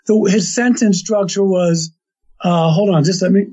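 A man recounts a story he heard, wandering back and restarting as he quotes the people in it. His voice sits high but sounds mellow and breathy. The recording is muffled and lo-fi. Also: steady tone, a little slow. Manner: rambling, with restarts and quoted dialogue. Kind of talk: casual retelling of an anecdote. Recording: dull lo-fi sound.

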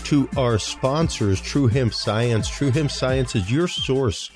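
A podcast host with a medium-pitched voice reads sponsor plugs, then chats casually with a guest over background music. His delivery is halting, with many fillers and restarts.

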